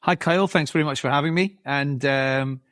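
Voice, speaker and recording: A man's voice: medium pitch, moderate pace, fairly bright tone, no room sound, studio quality. A man with a Scottish accent, a tech co-founder speaking as a podcast guest in a friendly, easygoing way. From Scotland. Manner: friendly, easygoing, repeats words. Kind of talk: casual interview chat.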